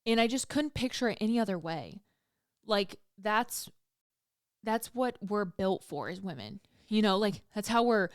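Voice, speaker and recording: Smooth-voiced woman chatting candidly on a podcast. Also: mid-range voice, no echo, studio quality. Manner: candid, chatty, swears freely, laughs at herself. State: pregnant, hormonal and emotional. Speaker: podcast host. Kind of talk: casual solo podcast chat.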